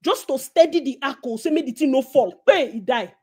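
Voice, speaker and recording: A Nigerian woman co-hosting a casual gossip chat, animated and preachy, slipping into Pidgin. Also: high voice, fairly quick. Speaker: co-host.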